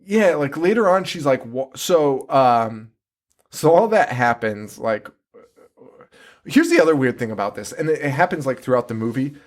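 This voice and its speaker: A man with a mid-range voice, speaking at normal speed, co-hosts a podcast. In a casual chat recapping a movie, he mocks it in an animated, profane way.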